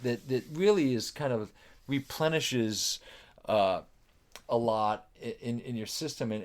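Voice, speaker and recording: A middle-aged man chatting as a podcast guest, rambling and cursing freely while telling self-deprecating stories. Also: medium pitch. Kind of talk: casual chat.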